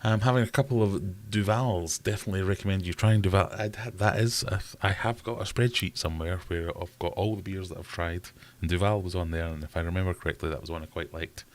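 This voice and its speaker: Scottish male livestream host, low-pitched, easygoing, reads viewer chat aloud. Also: steady tone, fast, hardly any pauses. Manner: chatty, reads out viewer comments. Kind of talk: casual live Q&A chat.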